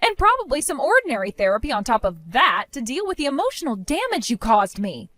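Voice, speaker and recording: A woman narrating her own dramatic story, speaking in a cold, indignant and forceful way. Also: high voice, very animated, fairly quick, hardly any pauses, no room sound, clean studio sound. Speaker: narrator of a first-person story.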